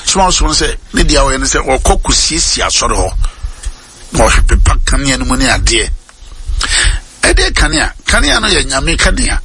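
A man hosting a radio sermon, preaching in a lively way, repeating phrases and dropping English words into his talk. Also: mid-range voice, moderate pace, breathy edge.

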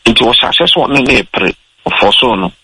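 A man telling a story in relaxed radio talk, switching between Twi and English. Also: mid-range voice, moderate pace, husky, no echo, rough recording.

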